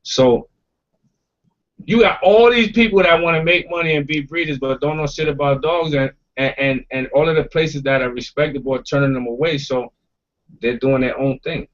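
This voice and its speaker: In dull lo-fi audio, a podcast host runs a casual roundtable talk at normal speed. His somewhat high voice keeps fairly even intonation while he speaks bluntly, emphatically and with plenty of swearing.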